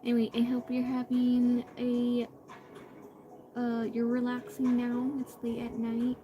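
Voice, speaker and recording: Over background music and lo-fi sound, a woman streamer draws and chats in a monotone, slightly slow voice on the high side. She rambles, restarting sentences and using plenty of fillers. She greets viewers in passing.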